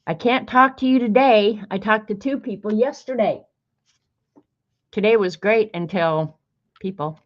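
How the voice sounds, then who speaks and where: A woman's voice: medium pitch, unhurried. A woman hosting a casual art livestream, chatting, greeting viewers by name and reading snarky sayings aloud. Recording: dull lo-fi stream audio.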